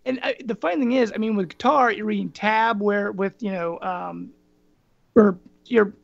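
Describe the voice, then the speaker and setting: A man with a gruff, raspy voice chats casually as a podcast guest, wandering off on tangents. His voice is gravelly, and it sounds dry and a little muffled, like a lo-fi call recording. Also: high voice, normal speed, no room sound. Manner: rambling, tangents with many ums. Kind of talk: casual chat.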